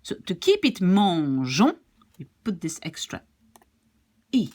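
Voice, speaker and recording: Slow, patient woman teaching a lesson. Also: mid-range voice, wildly swooping pitch, a little mellow, slightly rough. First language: Dutch. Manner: patient, repeats and spells out examples. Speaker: language teacher.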